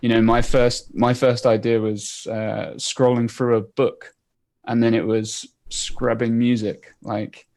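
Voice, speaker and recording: A man's voice: medium pitch, level tone, slow, a little mellow. A man appearing as a guest developer, explaining his coding demos in a casual, rambling way. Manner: rambling, many fillers and restarts.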